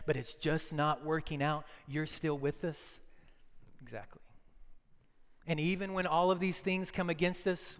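Male pastor, high and clear voice, animated sermon storytelling, loud-to-hushed swings, church hall reverb.

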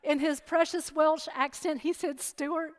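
Woman preacher, high voice, lively chatty delivery, sermon, long hall reverb. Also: moderate pace. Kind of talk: sermon with personal storytelling.

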